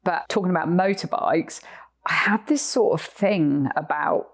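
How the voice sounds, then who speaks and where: A middle-aged woman with an English accent, co-hosting a podcast and telling stories in an animated way, acting out the people in them. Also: fairly low pitch, a little slow. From England. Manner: animated, acts out voices of people in her stories. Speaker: podcast co-host. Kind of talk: storytelling chat.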